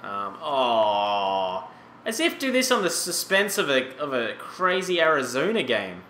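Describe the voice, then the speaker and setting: A young man in his late twenties with a very bright, sharp voice talks over a hockey management sim. He rambles casually and bursts into exclamations. The sound bounces around an echoey room with a faint hum behind him. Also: mid-range voice, sing-song, measured pace. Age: 20s. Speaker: gaming YouTuber. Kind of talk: casual gameplay commentary.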